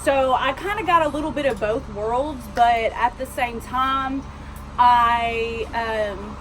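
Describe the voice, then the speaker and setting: A woman in her twenties with a heavy Texas drawl tells a personal story to her vlog audience. She talks in a loose, candid way, full of "like" and "um" and restarted sentences. Her voice sits a little high, with a faint hiss of room noise underneath. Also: takes it slowly. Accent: Southern US, Texas. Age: 20s. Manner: chatty and candid, many fillers and restarts. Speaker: vlogger.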